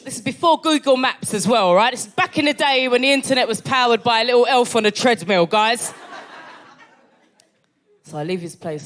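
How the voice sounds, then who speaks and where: A woman's voice: mid-range voice, lively intonation, normal speed. Stand-up comic: brash woman, swears freely, keeps checking "right?" with the room. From London. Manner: brash storytelling, swearing, tags lines with "right?". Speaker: stand-up comedian. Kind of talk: stand-up set at a live comedy club. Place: comedy club stage before a live audience.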